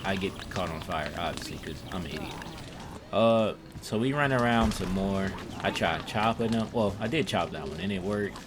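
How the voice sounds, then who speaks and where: A man's voice: sits low, normal speed, noisy background. A young man giving casual, profane, self-mocking commentary over his gameplay.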